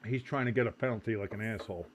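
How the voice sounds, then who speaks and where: Hosting a live sports watch-along stream, a man chats casually and calls plays, getting loud and excited when the action picks up, muttering asides in between, and swearing at times. His voice is lowish and rapid-fire, with slight background noise.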